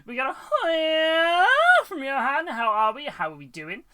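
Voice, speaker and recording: A man's voice: very high-pitched, very animated, measured pace, pushed and bright. A British man hosting a hobby live stream, chatting casually, greeting viewers by name and laughing often. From United Kingdom. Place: hobby room at home.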